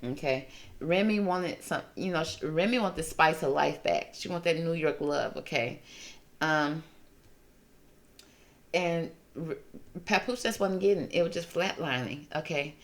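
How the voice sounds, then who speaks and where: A woman's voice: deep voice, a little slow. A woman hosting a tarot reading, talking in a sassy, gossipy way and calling listeners honey and baby. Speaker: tarot reader host. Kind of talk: casual tarot reading commentary.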